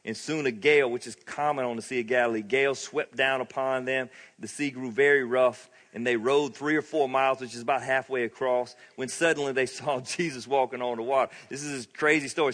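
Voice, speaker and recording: A man's voice: medium pitch, brisk, hardly any pauses, fairly bright tone. A male pastor preaching a sermon in a conversational, storytelling way, with frequent laughs. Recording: long reverb of a large hall.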